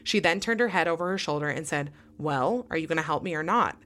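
A young woman with a low, dark-toned voice hosts a casual podcast. She chats with heavy use of "like" and reads listener stories aloud with growing excitement. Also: fast talker. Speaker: podcast host.

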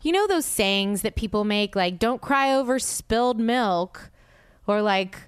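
A woman podcast host telling an animated story in casual chat, peppered with "like" and acted-out quotes. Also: medium pitch, measured pace, clean tone, no room sound. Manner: animated storyteller, heavy use of "like"; acts out quoted dialogue with exasperation.

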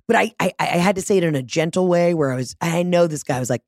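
Woman, lowish voice, dry close sound; animated, swearing comic storyteller. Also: fairly quick, few pauses, no room sound. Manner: animated, profane, acts out quotes. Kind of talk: casual comedic storytelling.

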